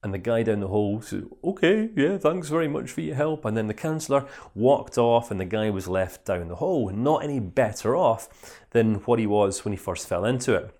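A man, a life coach, telling a parable in an animated, conversational lesson. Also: lowish voice, moderate pace. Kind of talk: storytelling lesson.

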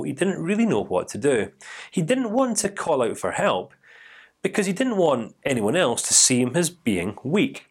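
A man who works as a life coach, telling a parable in an animated, dramatic way with frequent restarts. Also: medium pitch. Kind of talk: storytelling to camera.

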